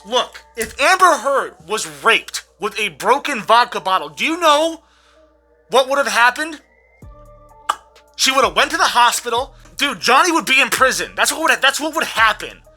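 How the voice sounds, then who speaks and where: A vlogger in an angry, profanity-heavy rant, repeating words when worked up, with a voice going hoarse. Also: medium pitch, very animated, moderate pace, pushed and bright, soft background music. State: losing their voice. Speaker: vlogger recapping a trial.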